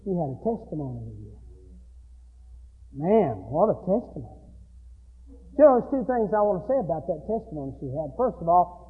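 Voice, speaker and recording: A man preaching a sermon, swinging between shouted, excited passages and low, quiet asides. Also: a little fast, long pauses, slightly rough. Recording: tinny phone-like sound with long hall echo.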